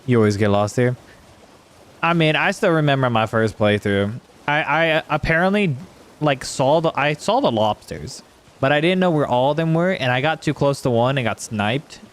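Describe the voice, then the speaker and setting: A man streaming a game and chatting loosely with his viewers. His voice sits at an ordinary middle pitch. He rambles, restarts his sentences and swears freely. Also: expressive, normal speed. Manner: rambling, sweary, talks to chat while playing. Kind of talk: casual gameplay chat.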